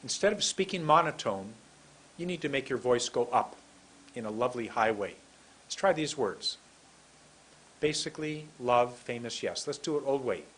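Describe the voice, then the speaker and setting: Husky man slowly drilling English words. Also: medium pitch, animated, fairly bright tone, rough recording. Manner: slow, deliberate, drills single words aloud. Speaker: English pronunciation teacher. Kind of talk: recorded lesson.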